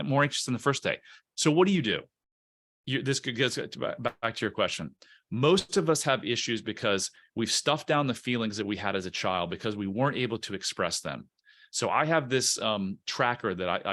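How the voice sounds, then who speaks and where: On a podcast interview, a male guest who works as a coach earnestly walks through emotional self-help, frequently restarting words. He sounds on the low side yet a bit bright.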